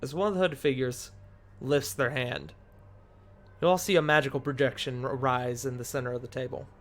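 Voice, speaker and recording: A man's voice: medium pitch, fairly even intonation, brisk. Man narrating a tabletop game. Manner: descriptive storytelling with frequent restarts. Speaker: game master.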